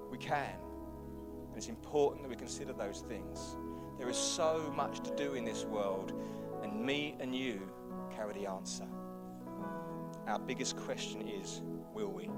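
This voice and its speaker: A male pastor preaching a sermon in a church, building to loud, energetic exhortation. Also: mid-range voice. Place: church hall.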